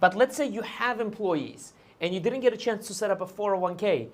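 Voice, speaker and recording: A man's voice: sits high, animated, a little fast. Chatty man explaining taxes live. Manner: conversational, checks in with "right?" and "okay?"; hedges on details. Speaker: host and tax advisor.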